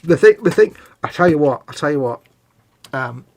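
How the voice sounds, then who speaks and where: A man's voice: a little high, animated, moderate pace. A middle-aged man co-hosting a live stream, chatting and telling self-mocking stories. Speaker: co-host of a live hobby stream. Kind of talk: casual banter.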